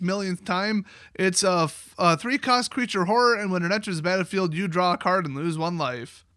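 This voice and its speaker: A man with a high, bright voice rants about cards with biting sarcasm and open exasperation. He swears freely and mocks what he reviews. The sound is close and dry, with no room around it. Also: no room sound. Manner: sarcastic, exasperated, profane ranting. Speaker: card game video host. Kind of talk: sarcastic card review rant.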